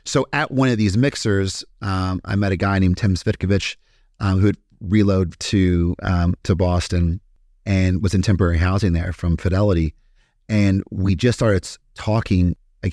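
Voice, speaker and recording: Low-voiced candid man from Kentucky. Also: moderate pace, no echo, clean studio sound. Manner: candid, profane, animated. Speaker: podcast guest. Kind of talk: casual storytelling interview.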